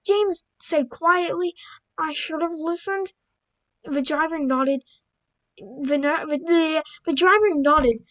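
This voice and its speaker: High-voiced woman reading stories, stumbling. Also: low-quality recording. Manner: stumbles over words, breaks off for blunt asides. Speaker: video creator. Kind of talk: reading stories aloud with casual commentary.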